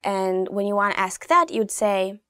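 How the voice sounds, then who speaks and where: A young woman hosting a casual video language lesson, chatty and laughing often, saying each phrase slowly and clearly. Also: mid-range voice, animated, sharp tone. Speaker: language teacher, show host.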